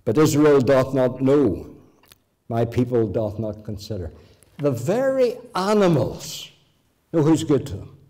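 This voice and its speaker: A man's voice: mid-range voice, warm tone. A man in his eighties with a Northern Irish accent, preaching in a church and weaving homely childhood stories into his sermon, with the odd restart. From Northern Ireland. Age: 80s. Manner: homely anecdotes with occasional restarts. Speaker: guest preacher. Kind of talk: folksy storytelling sermon.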